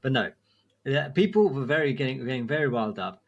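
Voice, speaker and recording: Guy on a podcast, husky voice, talks fast and rambles, lots of restarts. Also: medium pitch, lively intonation, highs cut off. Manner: rambling anecdotes, many restarts, laughs at own stories. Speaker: podcast co-host, medic. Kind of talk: casual chat.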